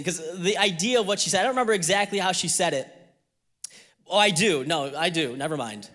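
Young male pastor, high and bright-toned, candid storyteller who builds to emphatic preaching. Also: expressive, fast, long reverb tail. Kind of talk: sermon.

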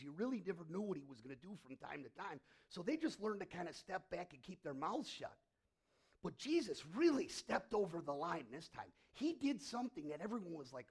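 A male pastor preaching a sermon and telling stories, dropping to hushed whispers and rising to loud emphasis. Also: a little high, creaky, husky.

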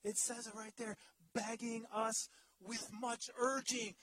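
A male pastor in his thirties preaching a sermon in an animated, humorous way, swinging from loud to hushed. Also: very high-pitched, takes it slowly, crowd noise, low-quality recording.

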